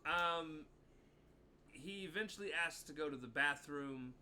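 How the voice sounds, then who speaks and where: A man walks through an episode's plot beat by beat on a podcast, with plenty of ums along the way. His voice is bright and forceful, and faint background noise sits under it. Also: fairly high pitch, measured pace. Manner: plot-summarizing, steady, many ums. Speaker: podcast co-host. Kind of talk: casual episode recap.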